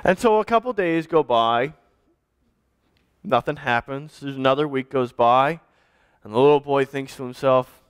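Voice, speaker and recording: A man's voice: mid-range voice, expressive, moderate pace, clear, resonant tone. A man, a pastor, telling a children's story during a church service and directing children to act parts out.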